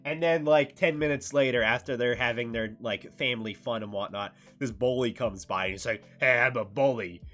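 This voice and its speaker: A man streaming, recapping a game in loose casual chat, swearing freely and halting with fillers. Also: medium pitch, fairly bright tone, faint music behind.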